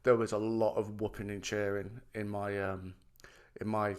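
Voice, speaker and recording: A man's voice: fairly low pitch, moderate pace, clean tone. A man co-hosting a podcast, talking casually and with a lot of enthusiasm, swearing now and then. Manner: animated, swearing, enthusiastic storytelling. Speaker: podcast co-host. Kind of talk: casual chat.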